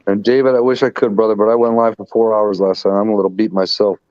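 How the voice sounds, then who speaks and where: A man's voice: on the low side, level tone, fast talker, a little mellow, no room sound. A man hosting a livestream, chatting casually and asking laid-back questions. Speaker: livestream host. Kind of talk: casual chat. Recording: dry, dull lo-fi mic.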